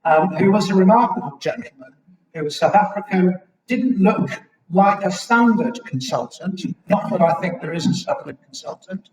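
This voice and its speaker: A man's voice: high voice, lively intonation, a little mellow. Older British man in echoey chapel. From Britain. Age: 60s. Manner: halting, reflective, with frequent ums. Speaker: guest speaker at a local history evening. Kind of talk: reminiscing public talk. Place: chapel hall. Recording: echoey chapel, mic at a distance.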